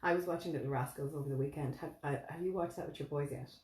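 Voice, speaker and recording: A woman co-hosting a casual live chat, expressive and quick to laugh. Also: low voice. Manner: chatty, laughs easily, expressive. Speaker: co-host. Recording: echoey room.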